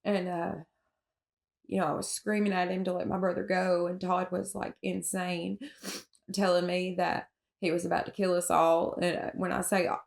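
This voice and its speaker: Gravelly Southern woman recounting haltingly. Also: on the low side. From Alabama. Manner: halting, with frequent fillers and restarts; emotional, with nervous laughs at hard moments. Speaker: interviewee telling her own story. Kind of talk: personal recounting in an interview.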